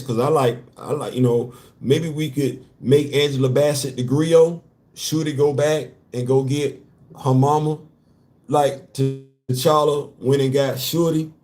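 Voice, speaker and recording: A man's voice: medium pitch, darkish tone. A man hosting a casual comic-book commentary show, talking animatedly in slang, repeating his points and laughing often. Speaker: host.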